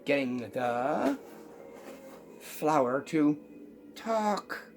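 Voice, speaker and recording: A man explaining how a magic prank is made, step by step, pausing often with ums. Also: on the high side, very animated, noisy background. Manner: unhurried, halting with many ums, explaining step by step. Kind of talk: magic trick tutorial.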